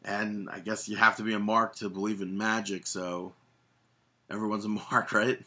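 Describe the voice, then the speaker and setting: A man's voice: lowish voice, little pitch movement, normal speed, bright, forceful tone. A young man co-hosting a casual podcast, enthusiastic, laughing often and trailing off mid-sentence. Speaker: podcast co-host.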